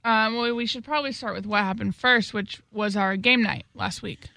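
A woman co-hosting a casual podcast who speaks in a brisk, matter-of-fact way. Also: medium pitch, vocal fry, bright, forceful tone, no echo. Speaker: radio show co-host.

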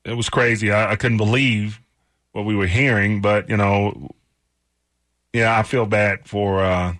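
A man co-hosting a casual sports talk show, talking with many pauses and fillers. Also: on the low side, fairly even intonation, a bit bright, dry recording, studio quality. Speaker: co-host.

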